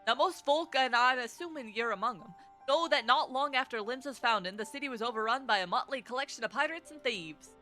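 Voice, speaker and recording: A woman's voice: fairly high pitch, brisk, sharp tone, faint music behind. A woman doing Jack, a sly rogue guildmaster. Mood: lecturing. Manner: reading dialogue aloud in a thick put-on Scottish-style accent. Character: swaggering male rogue guildmaster, sly and streetwise.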